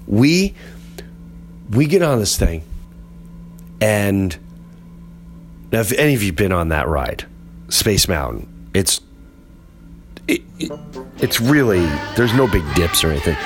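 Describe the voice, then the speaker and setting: A man hosting a podcast, telling a comic story with animated delivery and acting out other people's voices. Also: fairly low pitch, slow pace, long pauses, soft background music. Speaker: podcast host.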